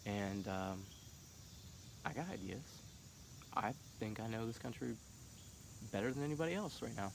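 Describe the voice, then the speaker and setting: A man's voice: on the low side, moderate pace, vocal fry, long pauses, background noise. A man in his thirties giving an earnest casual monologue as a vlogger, at times getting heated as he urges his point. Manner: earnest, rising to heated urging.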